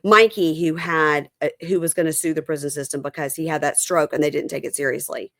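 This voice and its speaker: A woman's voice: low voice, steady tone, brisk, vocal fry, a bit bright, no room sound, clean studio sound. A middle-aged woman hosting a podcast, chatting casually and acting out people's lines as she retells scenes. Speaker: podcast host. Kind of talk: casual chat recapping a reality show.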